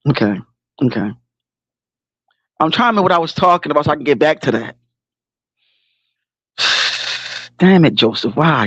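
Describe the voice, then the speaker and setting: A man's voice: a little high, dry recording, highs cut off. A man hosting a casual livestream, talking in slangy, rambling bursts, swearing freely and breaking off to laugh and regroup. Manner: animated, laughing, keeps stopping himself to regroup. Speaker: livestream host.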